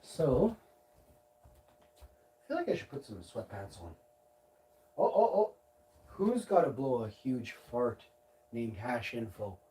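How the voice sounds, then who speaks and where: A man's voice: mid-range voice, expressive, takes it slowly, pauses often, dark tone, far from the mic, rough recording. A man streaming live, goofy and rambling, talking casually to viewers and lapsing into baby talk with his cat. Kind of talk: casual livestream chat.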